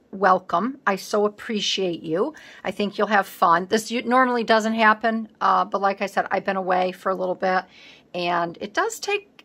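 Female craft vlogger, bright voice, chatty and self-deprecating, casual running commentary while she works. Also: medium pitch. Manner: chatty, self-teasing, scatterbrained. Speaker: craft channel host. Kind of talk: casual crafting vlog chat.

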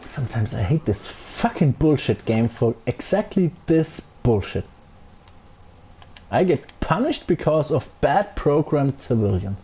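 A man rants through his own gameplay and swears at almost every turn. His voice is dark and a little husky, and his pitch swings widely. He talks at an unhurried pace. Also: big pitch swings. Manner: angry ranting, heavy swearing. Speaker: gaming streamer. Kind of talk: live gameplay commentary.

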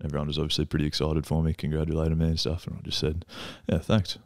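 A man telling jokes to friends, halting and restarting as he sets them up. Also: rumbling low, completely flat delivery, darkish tone, no echo, clean studio sound. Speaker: comedy joke teller. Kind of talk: casual joke telling among friends.

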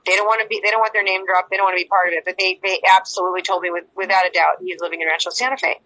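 A woman's voice: on the low side, level tone, rapid-fire, bright, forceful tone, highs cut off, a little hiss or hum. A woman interview guest giving an emotional personal account, rambling and repeating herself as she acts out quoted dialogue.

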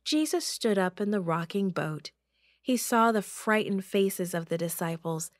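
A woman's voice: medium pitch, expressive, measured pace, dry recording, studio quality. A woman reading a Bible story aloud over a video call, lifting her voice for dramatic moments.

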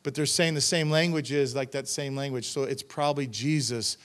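A middle-aged pastor preaches a sermon in a church sanctuary, reading scripture and adding emphatic, conversational asides to the congregation. His mid-range voice is fairly bright and fairly even in intonation, at a moderate pace.

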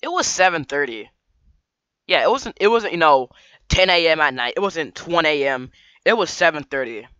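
A man's voice: on the high side, expressive, normal speed, bright, forceful tone, clean tone, dry recording, dull audio. A man vlogger telling a story in casual slang, rambling with lots of restarts and fillers.

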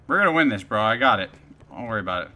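A man streaming a battle royale game, chatting casually and swearing, excitable and quick to laugh. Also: on the low side. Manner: profane, excitable, laughs a lot. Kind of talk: casual gaming chat.

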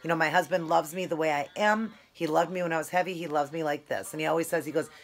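A woman's voice: deep voice, quick pace. A woman chatting casually in a food vlog, talking in a rambling, affectionate way while eating. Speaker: keto food vlogger.

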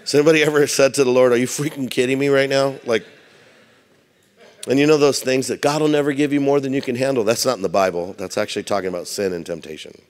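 Pastor preaching in a reverberant hall. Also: male voice, mid-range voice, quick pace. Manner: conversational preaching, humorous asides. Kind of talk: sermon. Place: large church hall.

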